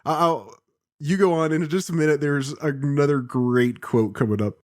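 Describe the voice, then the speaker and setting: A man's voice: fairly high pitch, normal speed. A man co-hosting a podcast, chatting casually about a cartoon and acting out quotes with frequent laughter. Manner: laughs often, acts out quotes with lively voices. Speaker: podcast co-host. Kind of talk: casual chat recapping a cartoon episode.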